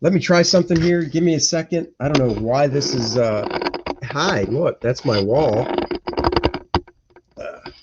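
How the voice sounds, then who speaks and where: A cartoonist hosts a live stream from a room at home, chatting casually, thinking aloud and muttering to himself as he rambles. His mid-range voice is unhurried with long pauses, and the dull lo-fi audio carries heavy background noise.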